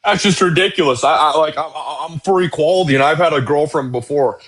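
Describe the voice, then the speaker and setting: A man's voice: a little high, brisk, fairly bright tone. A man calling into a live online debate, defensive and rambling, stammering as he talks. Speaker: caller in a debate.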